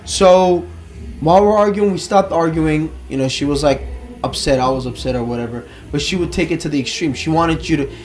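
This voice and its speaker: Swearing, animated podcast storyteller man. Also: a little high, fairly quick. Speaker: podcast co-host. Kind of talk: casual podcast chat.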